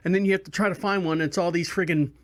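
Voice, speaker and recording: High-voiced man rambling casually. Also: fast. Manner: rambling, animated, acts out quoted voices. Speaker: podcast host. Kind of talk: casual storytelling monologue.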